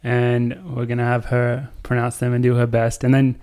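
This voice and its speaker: A man hosting a casual podcast chat, relaxed and chatty, laughing along with his guests. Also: medium pitch, moderate pace. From English-speaking country. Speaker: podcast host.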